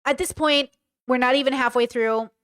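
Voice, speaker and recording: High-voiced young woman, blunt and profane. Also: steady tone, normal speed, fairly bright tone, dry recording, studio quality. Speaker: reaction video commentator. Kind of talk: casual reaction commentary.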